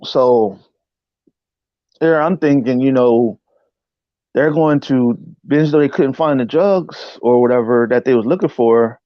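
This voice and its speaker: A man telling a personal story as an interview guest in casual speech, animated and often saying "you know what I'm saying". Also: mid-range voice, a little slow, dry recording, highs cut off. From United States. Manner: acts out voices in quotes.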